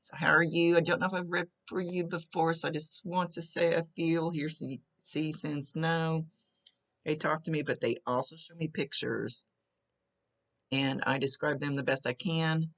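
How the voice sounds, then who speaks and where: In this recorded monologue, a woman medium gives a client a chatty reading, narrating what she sees as it comes and frequently starting over mid-sentence. She has a low voice with a steady tone at a moderate pace, and the recording sounds muffled.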